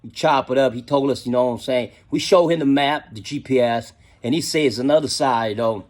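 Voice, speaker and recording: A man's voice: mid-range voice, a little fast. A middle-aged man telling a casual story in slangy talk, often adding "you know what I'm saying".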